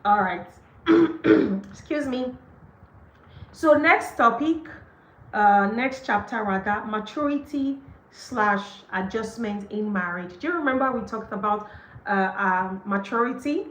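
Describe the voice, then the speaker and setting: A woman hosting a book study session. She reads from the book and comments on it in a gushing, excited way, laughing often and leaning on "like" and "okay". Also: medium pitch, slow pace, lo-fi sound. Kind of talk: livestreamed devotional book reading and commentary. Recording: echoey room.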